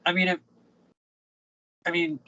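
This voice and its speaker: A man's voice: unhurried, pushed and bright. A man co-hosting a podcast, chatting easily, agreeing and laughing along. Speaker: podcast co-host. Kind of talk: casual chat. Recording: dull lo-fi podcast mic.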